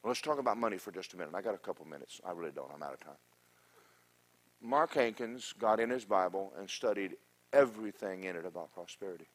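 A pastor preaching a sermon, telling stories with humorous asides and swinging from loud exhortation to quiet remarks. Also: male voice, low-pitched, fast talker. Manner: animated storytelling with humorous asides.

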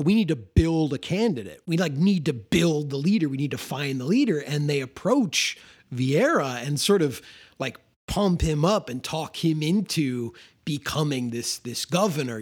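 Guy chatting about movies, really lively up and down voice, kinda husky, trips over his words. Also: a little high. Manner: animated, lively, repeats words when restarting. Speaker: podcast co-host. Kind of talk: casual film discussion.

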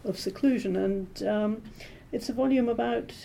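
A woman translator being interviewed, explaining her work in a measured, thoughtful way with frequent pauses and ums. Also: a little high, gravelly, mellow. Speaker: literary translator, interview guest. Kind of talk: thoughtful academic conversation.

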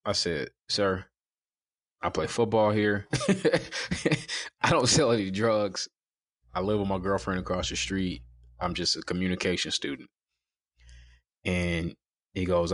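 A young man in his twenties calmly telling a personal story in casual conversation, quoting others as he goes. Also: low-pitched, a little slow, pauses often, dry recording, studio quality.

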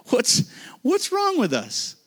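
A man preaching a sermon, animated and speaking directly to his listeners. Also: extremely high pitch. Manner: animated preaching with asides to the audience. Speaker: pastor.

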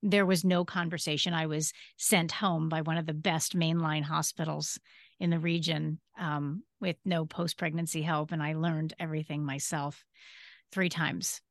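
A disability advocate in her fifties, guesting on a podcast, tells her personal story in casual interview style, speaking earnestly and emphatically and repeating key phrases. She has a low voice with a level tone at normal speed, in studio quality with no room sound.

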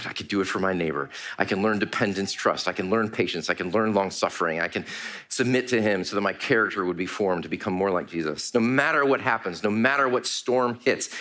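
A man's voice: mid-range voice, sharp tone. A man preaching a sermon to a congregation, earnest and repetitive in his cadence. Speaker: pastor.

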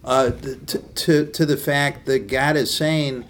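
A man's voice: medium pitch, steady tone, slow pace, very noisy. A man co-hosting a Christian talk show, chatting casually and often backing up his partner with short agreements. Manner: affirming, many short agreements. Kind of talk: casual chat.

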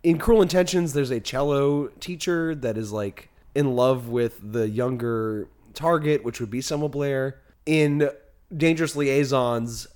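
A man co-hosting a podcast, talking about films in a loose, conversational way. He is chatty and leans on filler words. His voice sits in a middle pitch. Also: measured pace, darkish tone, smooth. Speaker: podcast co-host. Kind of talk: casual film discussion.

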